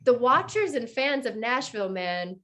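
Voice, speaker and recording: A woman's voice: a little high, very animated, moderate pace, fairly bright tone. A woman in her thirties, an actress as guest, chatting casually and telling stories with enthusiasm. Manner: enthusiastic storyteller, acts out quotes. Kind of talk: casual interview chat.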